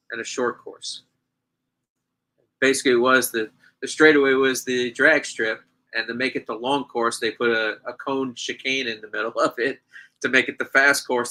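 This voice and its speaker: A man from New York, a podcast guest, telling stories loudly in casual chat. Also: medium pitch, low-quality recording. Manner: loud, animated storyteller.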